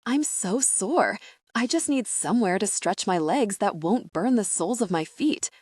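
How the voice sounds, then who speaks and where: A woman's voice: mid-range voice, lively intonation, normal speed, darkish tone, slightly rough, no room sound, studio quality, pitched above the performer's own voice. A woman voicing a dramatic, complaining young adult brother in an audiobook. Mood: whiny.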